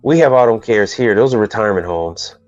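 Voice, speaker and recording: A man's voice: lowish voice, lively intonation, fairly quick, a little mellow, no room sound. A man hosting a casual live stream on business questions, rambling and teasing in loose slang. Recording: dull dry sound with faint music behind.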